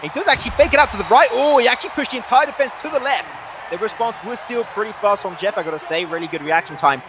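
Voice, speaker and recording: Guy calling a video game match, talks fast, rambles n corrects himself, slight hiss. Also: high voice, lively intonation. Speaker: esports commentator. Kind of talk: play-by-play commentary.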